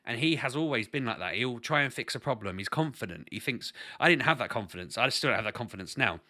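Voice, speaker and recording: A man vlogging as a parent, talking earnestly in a loose, rambling way. His voice is bright and tense, and he keeps restarting his sentences. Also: medium pitch, lively intonation, quick pace. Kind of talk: casual chat to camera.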